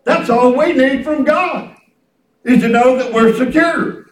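A man's voice: very high-pitched, unhurried. A middle-aged man preaching a folksy, emphatic sermon and repeating himself for effect. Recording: echoey room, from a distance.

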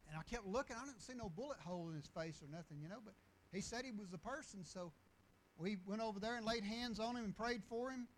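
High-voiced preacher man. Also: fast talker, slight background noise, low-quality recording. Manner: folksy, rambling with restarts and chuckles. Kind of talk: storytelling sermon.

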